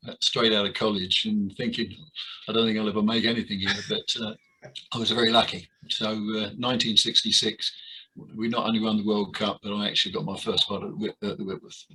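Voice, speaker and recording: An older man being interviewed about his years in amateur theatre, talking with many pauses, fillers and restarts. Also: lowish voice, flat delivery, sharp tone, breathy edge, low-quality recording. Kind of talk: reminiscing interview.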